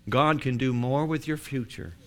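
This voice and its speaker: A man's voice: medium pitch, normal speed. A man preaching a sermon as pastor, building to emphatic declarations.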